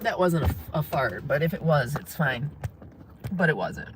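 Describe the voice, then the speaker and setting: A woman's voice: low voice, animated, moderate pace, heavy background noise. A woman live-streaming from her car, chatting casually with viewers and laughing often. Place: in a parked car.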